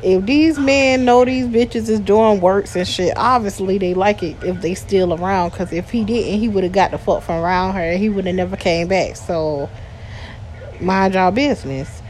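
A woman's voice: mid-range voice, measured pace, darkish tone. Woman ranting profanely, faint hiss. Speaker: voice message poster. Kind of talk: ranting voice message.

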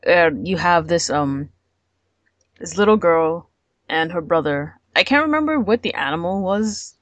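Low-voiced woman chatting about an anime episode, laughs a lot, dry close mic. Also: expressive, unhurried, no room sound. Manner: chatty, laughs often, acts out quotes. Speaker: podcast co-host. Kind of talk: casual anime recap chat.

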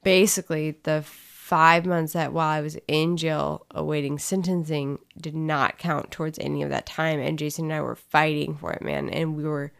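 A woman with a low voice and a gravelly edge tells her own story in a loose, candid way. She rambles through it with feeling, in an easygoing spoken conversation. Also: level tone, normal speed, hardly any pauses. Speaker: co-host sharing her story. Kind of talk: casual testimony chat.

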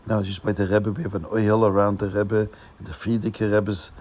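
A man telling a story to a young audience in an earnest, dramatic way, slowing down for emphasis. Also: on the low side, level tone, a little mellow.

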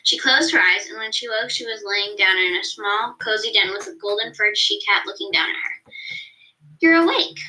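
Bright-voiced woman reading her story aloud. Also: mid-range voice, steady tone, fairly quick, slight background noise, low-quality recording. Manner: chatty, stops to correct herself. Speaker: podcast co-host and story reader.

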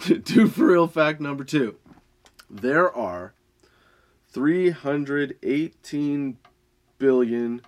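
A young adult man, high and laughing often, reading odd facts and ranting with a lot of swearing. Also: animated, extremely slow, pauses often. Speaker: podcast host. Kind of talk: casual stoned rant.

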